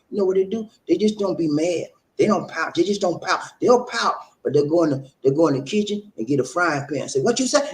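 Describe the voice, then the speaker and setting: A man giving relationship advice in a lively, sing-song voice, pitched a little high for a man. He is preachy and repeats his points as he speaks straight to his listeners. A faint rumble runs underneath. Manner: preachy, repeats himself, talks straight to the audience. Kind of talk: casual advice broadcast.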